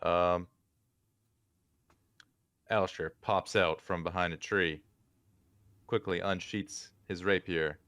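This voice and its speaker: Male player on a voice call, very deep and smooth, slow, hesitant. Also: fairly even intonation, fairly bright tone, no echo. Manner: unhurried, hesitant, with many ums. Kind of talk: casual tabletop play and narrating his character. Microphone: online voice call.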